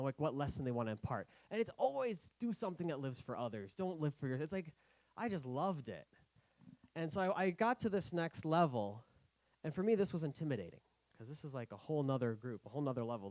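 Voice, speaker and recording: A young man giving a casual personal talk, halting and self-correcting with many fillers, acting out his past worries. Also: a little high, dry recording, poor audio. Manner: animated, acting out his own past thoughts. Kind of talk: casual storytelling speech.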